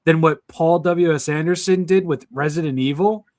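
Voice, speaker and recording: A man's voice: a little high, a little mellow, dry recording. A man co-hosting a casual podcast, frustrated, stammering and swearing. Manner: halting, profane, frustrated. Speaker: podcast co-host. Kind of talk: casual chat.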